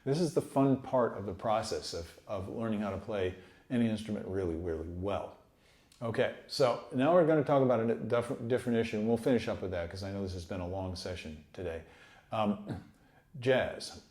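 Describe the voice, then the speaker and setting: Mellow-voiced man teaching trumpet. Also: on the low side, lively intonation, normal speed. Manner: easygoing, encouraging, sings rhythms aloud. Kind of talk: relaxed instructional talk. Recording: echoey room.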